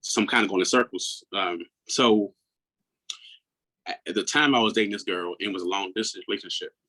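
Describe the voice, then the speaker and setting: A man in his thirties from Maryland, a guest on an interview who speaks earnestly and reflectively, often dropping into a hushed tone. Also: lowish voice, brisk, rough recording. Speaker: guest, mental health coach. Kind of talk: personal storytelling in an interview.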